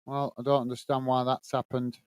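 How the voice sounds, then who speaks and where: A man's voice: medium pitch, completely flat delivery, fairly quick, darkish tone, clear, resonant tone, no room sound. A British man hosting a football watchalong stream, chatting casually, reading viewer comments aloud and muttering in exasperation about technology. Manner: rambling, exasperated muttering about tech trouble.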